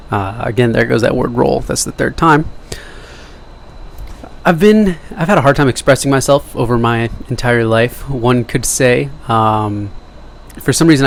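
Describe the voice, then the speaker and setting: Talking to camera, a young man wanders through a loose monologue full of self-deprecating jokes and tangents. His mid-range voice has vocal fry, and there's a little hiss or hum.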